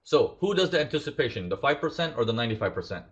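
A man's voice: mid-range voice, big pitch swings, racing, fairly bright tone. A man teaching a live trading lesson, asking his audience questions and acting out traders' inner thoughts. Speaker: trading instructor.

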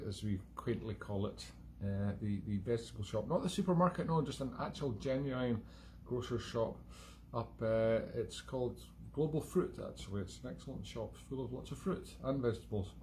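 A man's voice: medium pitch, moderate pace, warm tone, a little hiss or hum. A Scottish man hosting a live-streamed music show from home, chatting in a rambling, digressive way with self-mocking humour. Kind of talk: rambling casual monologue.

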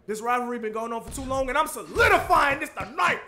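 Cocky, high-voiced trash-talking gamer. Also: male voice, animated, quick pace, sharp tone, slight background noise. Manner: cocky taunting with grunted punch noises. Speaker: gamer streamer. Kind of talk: live trash-talking gameplay commentary.

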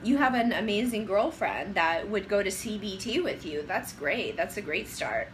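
Hosting a casual livestream from her phone camera, a young woman rambles loosely, drifts off topic and offers her viewers advice. She speaks at a moderate pace with a medium pitch and lively intonation, against a noisy background.

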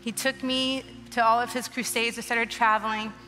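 Bright-voiced woman preaching in a big hall. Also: a little high, flat delivery, moderate pace. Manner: emotional, earnest, preaching with rising urgency. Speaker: guest speaker. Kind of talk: testimony sermon at a church conference. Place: large church auditorium. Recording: long hall reverb with soft music behind.

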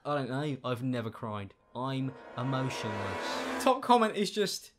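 A man's voice: mid-range voice, measured pace, music in the background. Sarcastic man doing commentary. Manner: sarcastic, deadpan asides. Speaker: YouTube commentator. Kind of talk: casual reaction commentary.

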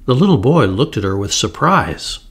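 A man reading a fairy tale aloud in a slow, deliberate storybook narration. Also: medium pitch, big pitch swings, a bit bright, slightly rough.

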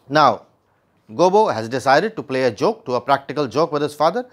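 A man's voice: medium pitch, big pitch swings, a little fast. A man teaching a literature lesson, explaining a play line by line and paraphrasing each quoted line in simpler words, with restarts.

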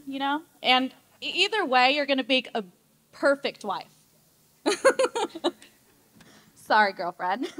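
A young woman speaks as maid of honor at a wedding reception. She talks in a chatty, giggly way and gets emotional as she goes. Her voice sits a bit high for a woman. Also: expressive, unhurried, fairly bright tone. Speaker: maid of honor giving a toast. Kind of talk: wedding toast speech.

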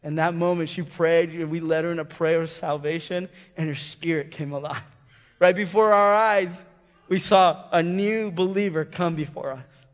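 A man preaching a sermon, swinging between loud, excited storytelling and hushed, tender asides. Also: a little high, normal speed, long reverb tail. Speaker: pastor. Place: church sanctuary.

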